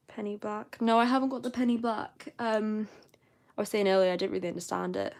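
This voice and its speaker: A woman's voice: mid-range voice, level tone, a little fast, a little mellow. Chatty young woman, posh southern English. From southern England. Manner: chatty, rambling. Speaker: live-stream host. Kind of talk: casual live-stream chat.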